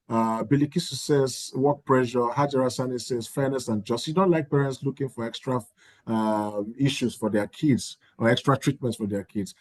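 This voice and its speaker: A man teaches a training session in an easygoing, conversational way. He speaks at a middle pitch. The sound is dry and close, with no room around him. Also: a little mellow, dry recording. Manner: conversational, acts out sample dialogues with parents. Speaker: course facilitator. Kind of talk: online training lecture.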